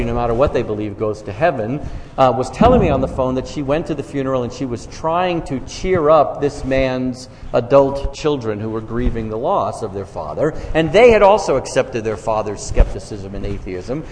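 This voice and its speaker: Speaking to a live audience about faith, a New York man with a matching accent tells self-deprecating stories full of quoted dialogue. His medium-pitched, darkish voice is expressive and moderately paced, and the recording carries long hall reverb with faint room noise.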